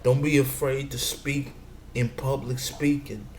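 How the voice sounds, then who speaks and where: A man's voice: medium pitch, little pitch movement, a little slow. A man giving advice in a meandering casual monologue, often saying "you know what I'm saying". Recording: echoey room with faint background noise.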